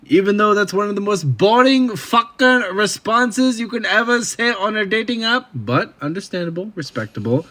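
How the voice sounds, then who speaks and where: A man's voice: high voice, lively intonation, normal speed, few pauses, bright, forceful tone. Young man telling a wry dating story. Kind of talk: comic storytime monologue.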